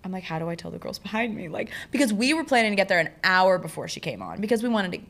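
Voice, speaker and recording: A woman's voice: mid-range voice, racing, vocal fry. Young woman podcast cohost, chatty storytelling, does little voices for people in her story. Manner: animated storytelling, acts out quoted people. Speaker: podcast co-host. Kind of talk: casual chat.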